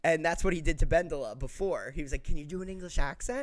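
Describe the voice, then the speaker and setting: A speaker in casual chat, joking and lively. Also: mid-range voice, fast talker. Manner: animated, joking.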